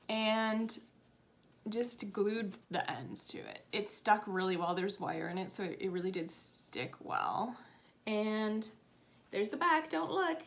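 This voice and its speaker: A woman chatting casually to camera about her cross-stitch projects, rambling and self-deprecating. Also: a little high. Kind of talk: casual chat.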